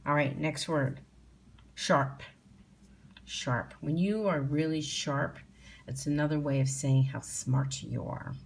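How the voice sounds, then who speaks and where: A middle-aged woman teaches young children to spell from home, speaking slowly and patiently as she sounds out each letter. Her voice sits low with a gravelly edge. She repeats words and breaks them into sounds for little learners. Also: slight background noise.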